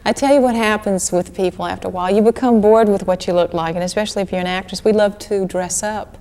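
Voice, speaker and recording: A woman's voice: medium pitch, fairly even intonation, quick pace, warm tone. A woman, talking casually and animatedly as an actress guest in an archival 1980s TV interview, with many restarts. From Georgia, US.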